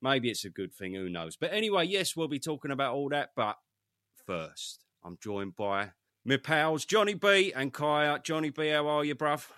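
A man hosting a casual boxing podcast, loud and excitable, swearing freely as he bantering with his co-hosts. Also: fairly high pitch, moderate pace, dry recording, clean studio sound. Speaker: podcast host.

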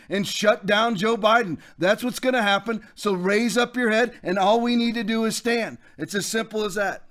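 A man with a high-pitched voice hosting a podcast, delivering political commentary as an emphatic monologue. He preaches at his listeners and reads scripture aloud between points. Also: a bit bright. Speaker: podcast host.

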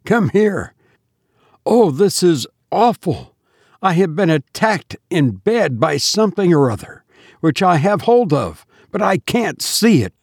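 A man voicing a frightened young gentleman who pleads desperately for help against an unseen creature. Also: medium pitch, animated, measured pace, creaky, husky, no room sound, clean studio sound, exaggerated voice. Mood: panicked.

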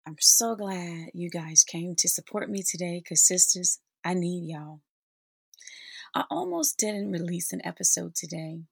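A woman in her forties tells a personal story to her listeners with slow, heartfelt pacing. Her voice is husky and sits a little low. The recording is dry and close, with no room around it. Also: expressive, no room sound. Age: 40s. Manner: heartfelt, addresses listeners as sisters and y'all. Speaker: podcast host.

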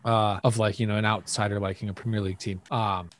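An American man co-hosting a podcast in casual chat, animated and given to jokey rants. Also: lowish voice, fast, a little hiss or hum. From United States. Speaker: podcast co-host.

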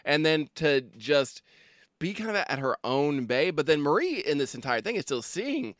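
Lively man chatting about a movie. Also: a little high, normal speed, no echo, clean studio sound. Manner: animated, laughs often, slips into silly voices. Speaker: podcast co-host. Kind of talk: casual movie discussion.

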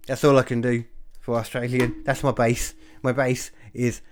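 A young man from the UK talking alone in a loose, rambling way. He swears freely and mocks himself, jumping from loud bursts to low mumbles. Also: little pitch movement. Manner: rambling, self-mocking, sweary, quick swings between loud and mumbled. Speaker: podcaster and stand-up comic. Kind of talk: casual solo chat.

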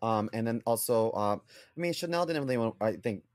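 A man's voice: medium pitch, lively intonation, fairly quick, no room sound, studio quality. A man co-hosting a podcast, talking casually and hesitantly, with restarts. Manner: hesitant, restarts, self-mocking. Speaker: podcast co-host. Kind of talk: casual chat.

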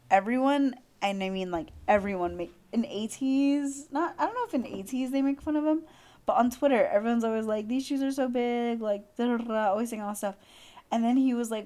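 A young woman telling a story to her podcast listeners in a casual, gushing chat. She is excitable and full of fillers, with her voice sitting at an ordinary middle pitch. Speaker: podcast host.

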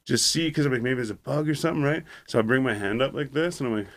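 A man in a loose, profane chat, spinning a rambling story packed with filler words and acted-out asides. His voice sits at an ordinary middle pitch. The sound is dry and close, with no room echo. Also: fast talker. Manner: acts out his own inner voice in quotes. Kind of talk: casual chat.

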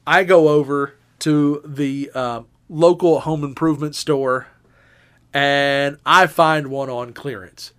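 A man in his thirties, co-hosting a podcast and telling a story in casual chat, lively and animated, with high squeaky voices for the women he quotes. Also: takes it slowly, clean tone. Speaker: podcast co-host.

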